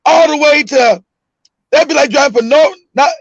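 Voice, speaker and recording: A man's voice: extremely high pitch, moderate pace, no room sound, lo-fi sound. A middle-aged man, telling a story casually, laughing a lot, swearing, and raising his voice at the punchlines. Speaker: host.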